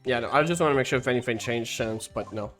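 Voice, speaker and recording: A woman's voice: a bass voice, fast, faint music behind. A woman giving playful, casual game commentary, reading dialogue aloud and laughing often. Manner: laughs a lot, playful and swears. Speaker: let's-play host.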